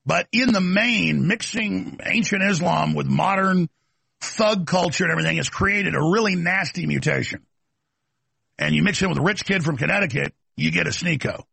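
Raspy, combative male talk host. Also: high voice, moderate pace, sharp tone, dry recording. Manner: aggressive, ranting, mocking. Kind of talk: combative talk show monologue.

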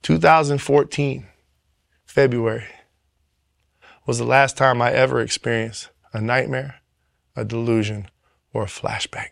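A man in ministry telling his personal faith testimony in an earnest, emotional way, often halting and restarting his sentences. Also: medium pitch, steady tone, creaky, no room sound, clean studio sound. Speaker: ministry worker sharing testimony.

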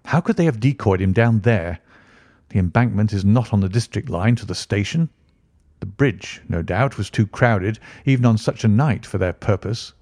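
Guy doing a sharp victorian detective, precise and measured, lowish voice, dry close sound. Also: dry recording. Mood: determined. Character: keen, brooding male Victorian detective. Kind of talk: audiobook character reading.

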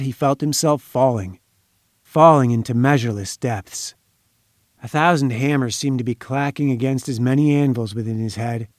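A man's voice: medium pitch, a little mellow, dry recording. Man narrating a crime story, dry sound. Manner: measured, dramatic storytelling. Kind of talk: scripted pulp crime narration.

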